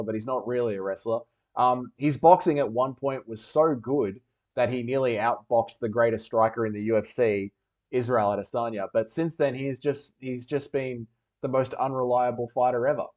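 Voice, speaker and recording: A man's voice: mid-range voice, a little mellow, dull audio. A man hosting a livestream, reading chat and rambling with jokey, sweary banter.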